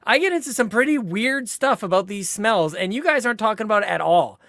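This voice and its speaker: A man's voice: high-pitched, lively intonation, fairly quick, fairly bright tone, no room sound. A man co-hosting a casual gaming podcast, trading dry sarcastic jokes. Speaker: podcast co-host. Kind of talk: casual chat.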